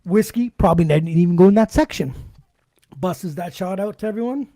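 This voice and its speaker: A man hosting a podcast in casual chat, telling animated stories, swearing a lot and acting out what people said. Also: high-pitched, brisk, no echo. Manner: animated storyteller, swears a lot, acts out quotes. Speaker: podcast host.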